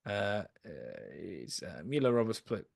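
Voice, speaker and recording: A man's voice: on the low side, expressive, measured pace, vocal fry, no echo. Guy chatting about a movie, lots of ums and restarts, dry sound. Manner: rambling, hesitant, many restarts and fillers. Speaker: podcast co-host. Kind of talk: casual film review chat.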